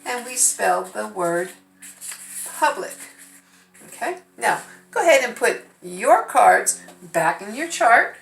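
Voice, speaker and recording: A woman's voice: mid-range voice, big pitch swings, slow, creaky, fairly bright tone. A woman teaching first graders phonics, patiently sounding out letters and syllables. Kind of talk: remote phonics lesson. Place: home. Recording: echoey room.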